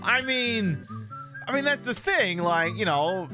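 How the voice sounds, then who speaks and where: A young man with a high voice rambles animatedly, swearing as he talks to his viewers. Game music plays clearly behind him. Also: lively intonation, takes it slowly. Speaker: streamer. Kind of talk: casual live-stream commentary.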